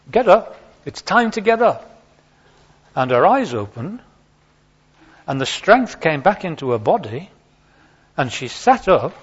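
A man gives a Sunday children's talk in church, speaking into a handheld microphone. His husky voice sits a little high and swoops with lively expression. The recording sounds dull and lo-fi. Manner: animated storyteller who acts out voices and questions the listeners. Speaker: preacher. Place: church during a Sunday service.

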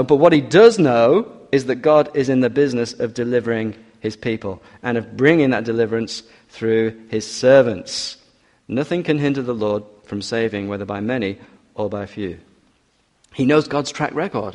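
A man's voice: medium pitch, darkish tone, big-room sound. A man preaching an expository sermon, walking through a passage verse by verse with teasing asides and emphatic urging.

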